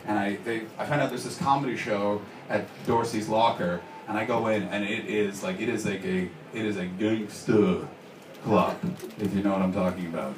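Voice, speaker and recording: A man from Canada performing a stand-up comedy set, telling a story and acting out the people in it with sudden shouted lines. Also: fairly low pitch, steady tone, normal speed, background noise. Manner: storytelling, acts out characters with shouted bits. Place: comedy club stage with audience. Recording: roomy live club sound from far off.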